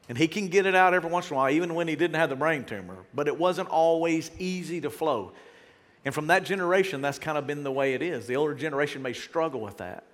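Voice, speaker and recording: A man's voice: on the high side, fairly bright tone. Pastor in his forties, earnest and chatty from the pulpit, in a reverberant hall. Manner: earnest, conversational preaching. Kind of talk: sermon.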